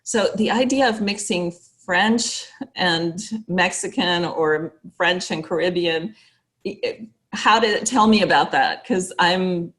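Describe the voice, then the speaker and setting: A woman with Cuban roots interviews her guest in an encouraging, conversational way. Her voice sits a little low, and she fills her sentences with easy "you know"s. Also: takes it slowly, fairly bright tone. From Cuba. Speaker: interviewer, editor.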